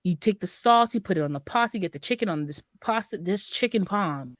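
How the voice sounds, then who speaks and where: A woman co-hosting a podcast, telling a story in a casual, animated way, laughing often and acting out what people said. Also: mid-range voice, brisk, no room sound, clean studio sound. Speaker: podcast co-host.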